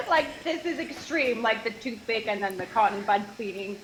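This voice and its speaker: Lively Canadian woman telling a story. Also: fairly high pitch, unhurried, roomy sound, slight background noise, poor audio. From Nova Scotia, Canada. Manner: animated storyteller, acts out dialogue, laughs often. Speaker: guest, yacht nutritionist and former stewardess. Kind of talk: casual interview chat.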